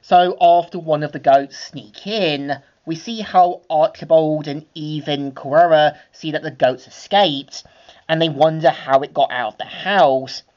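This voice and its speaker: A woman with a deep, low voice walks through a comic book story in a loose, rambling way, with plenty of fillers. The sound is dull and lo-fi. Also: a little slow, a little mellow. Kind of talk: casual comic review narration. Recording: dull lo-fi home recording.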